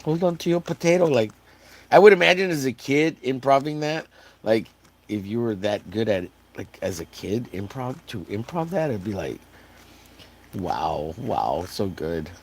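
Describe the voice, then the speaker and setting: Texas guy on a live stream, hoarse and gravelly, goofing around with chat, voice bouncing all over. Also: medium pitch, animated, moderate pace. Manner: joking, rambling, riffs on catchphrases. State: hoarse, voice wearing out.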